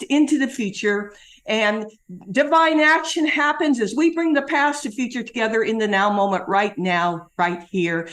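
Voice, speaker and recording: A woman minister leading a calm, measured spoken prayer. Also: medium pitch.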